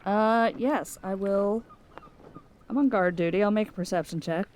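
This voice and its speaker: A woman's voice: medium pitch, normal speed, a little mellow. A woman playing in a tabletop game, talking casually and laughing often. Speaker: player.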